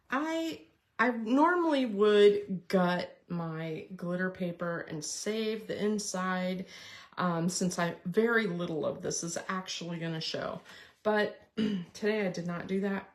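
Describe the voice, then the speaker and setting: A woman's voice: lowish voice, takes it slowly. A middle-aged woman hosting a casual card-making tutorial, chatting and explaining step by step as she works with her hands.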